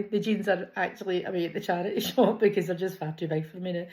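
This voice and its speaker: A woman's voice: fairly low pitch, steady tone, fast, few pauses, a little mellow. A middle-aged woman with a Glasgow accent, chatting and telling stories with frequent laughter in a casual vlog. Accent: Scottish, Glasgow. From Scotland. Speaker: vlogger.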